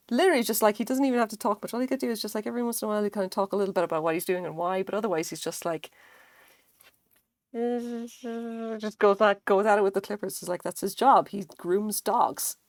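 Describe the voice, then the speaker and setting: A woman's voice: mid-range voice, dry recording. A woman streaming live, chatting casually and rambling while she crochets, with lots of fillers and casual swearing.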